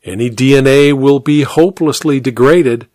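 A man reading an audiobook, voicing a cold, gloating woman killer with a slightly raspy voice and a calm, mocking manner. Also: mid-range voice, normal speed, no echo, close to an everyday voice.

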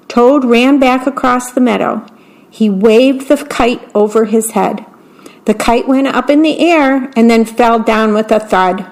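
A woman reads a children's bedtime story aloud as a volunteer radio reader. Her voice sits fairly high and her pace is slow and unhurried. The reading is clear and gentle.

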